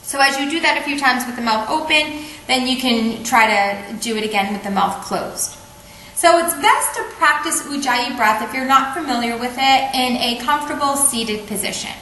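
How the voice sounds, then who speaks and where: A woman teaching a yoga breathing technique in a calm, patient way, often checking in with "okay?". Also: sits high, moderate pace, slight background noise. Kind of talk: instructional explanation. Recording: echoey room, faint ambience.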